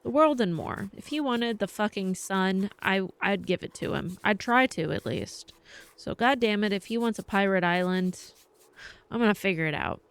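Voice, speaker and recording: A woman's voice: medium pitch, expressive, normal speed, clean tone. A woman live-streaming, telling a rambling story in casual chat and swearing freely.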